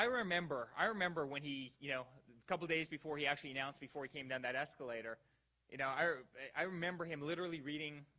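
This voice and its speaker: At a campaign rally, a man fires repeated rhetorical questions at the crowd in a rousing speech. His voice is on the high side with a sharp edge.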